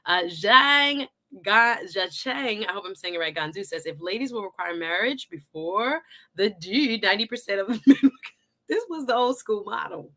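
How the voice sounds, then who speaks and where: A woman's voice: mid-range voice, lively intonation, normal speed, a bit bright. A woman hosting a live talk stream, chatting, laughing often and reading out viewer comments.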